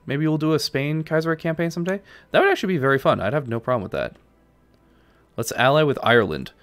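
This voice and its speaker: A man's voice: mid-range voice, expressive, fast, dry recording. A man from New York, chatting casually with viewers as he live-streams a strategy game and answers their messages. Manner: chatty, answers chat between moves.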